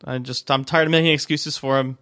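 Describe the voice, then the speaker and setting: A man's voice: mid-range voice, steady tone, fairly quick, sharp tone, smooth, dry recording, clean studio sound. A man hosting a casual podcast over a video call, rambling and joking with plenty of fillers and restarts. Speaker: podcast host. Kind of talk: casual chat. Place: home room, on a video call. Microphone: desk microphone.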